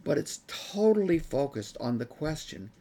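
A man's voice: a little high, very animated, normal speed, vocal fry, mellow, husky. A man teaching a Bible study class in an earnest way who gets worked up and says he is losing his voice.

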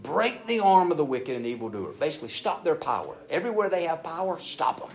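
A man preaching a sermon. He reads scripture aloud, then speaks directly to the congregation, moving between loud emphasis and hushed asides. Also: on the high side, sing-song, fast. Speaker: pastor.

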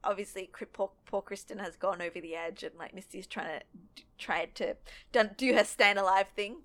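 A woman co-hosting a casual recap podcast, talking fast and acting out characters' lines as she goes. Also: medium pitch. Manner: animated, acts out characters' lines mid-story. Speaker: podcast co-host.

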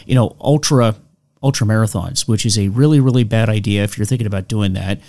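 A man's voice: lowish voice, a little fast, warm tone. A man hosting a podcast interview, telling stories in a self-deprecating way, laughing often and restarting his sentences. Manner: frequent restarts and "you know". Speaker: podcast host. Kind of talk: casual storytelling interview.

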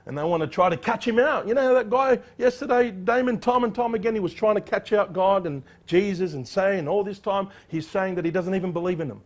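A man preaching an expository sermon, emphatic and animated, acting out the voices in the passage he reads. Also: sits high, a little fast, hardly any pauses. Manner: emphatic, acts out quoted voices.

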